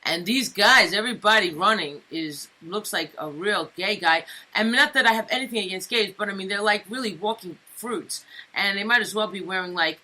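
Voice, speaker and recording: Female co-host, crisp bright tone, streetwise crude banter. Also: mid-range voice, moderate pace, few pauses. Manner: streetwise, chatty, keeps asking "you know what I'm saying". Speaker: radio co-host.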